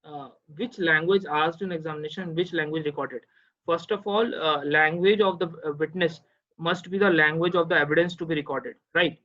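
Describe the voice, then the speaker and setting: A man's voice: fairly high pitch, steady tone, moderate pace, bright, forceful tone, dull audio. A man with an Indian English accent giving an online law lecture, explaining step by step with many "uh" fillers and checking in with listeners. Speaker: lecturer on cross-examination.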